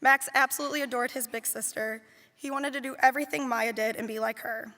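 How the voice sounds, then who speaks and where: Speaking in a large theater hall with a long reverb, a nanny reads a memorial speech for the two children she looked after. Her voice is on the high side, bright and forceful, with a steady tone and a fairly quick pace. She tells their stories with heartfelt, tender fondness.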